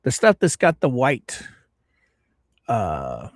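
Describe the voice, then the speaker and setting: A man's voice: mid-range voice, no echo, clean studio sound. Folksy man greeting viewers. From Florida. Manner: folksy, drawn-out greetings, lively ups and downs. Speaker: livestream host. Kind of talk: casual livestream chat greeting viewers.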